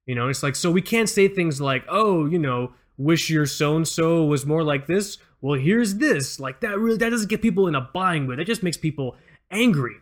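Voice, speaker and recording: A man telling a workplace story on a podcast, his voice climbing and swooping as he acts out each person. He laughs often and keeps it loose and casual, in a fairly high register. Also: lively intonation, normal speed. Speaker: podcast host.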